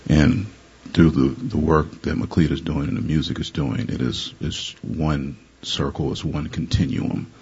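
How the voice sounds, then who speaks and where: A man's voice: very deep voice, steady tone, a little slow, few pauses, a little mellow, husky, highs cut off. A male musician guest talking casually with an easygoing humor. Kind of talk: casual conversation.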